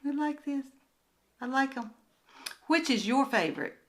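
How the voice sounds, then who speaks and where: An older woman with a Southern US accent, chatting casually to camera while unboxing crafts, rambling and often trailing off into soft murmurs. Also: high-pitched, animated, unhurried, poor audio. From Southern United States. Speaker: crafts vlogger and booth vendor. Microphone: handheld phone camera.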